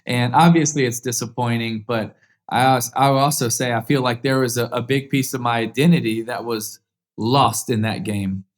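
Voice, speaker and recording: A man in his thirties, the guest on an interview podcast, telling a story earnestly with many restarts and rising excitement. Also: mid-range voice, moderate pace.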